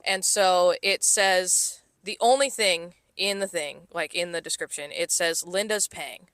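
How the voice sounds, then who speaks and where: A woman's voice: on the low side, a little slow, no echo. A woman co-hosting a casual podcast, telling a work story with plenty of swearing and acted-out quotes. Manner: swearing, animated retelling with quoted voices. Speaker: podcast co-host, server.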